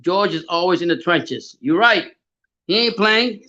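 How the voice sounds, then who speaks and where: A man hosts a live fight reaction, swearing freely and stammering as he answers his chat. His voice sits high and bright, with a tense edge. The stream audio sounds dull and lo-fi. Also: lively intonation, measured pace. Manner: frustrated, profane, stammering, answers chat comments.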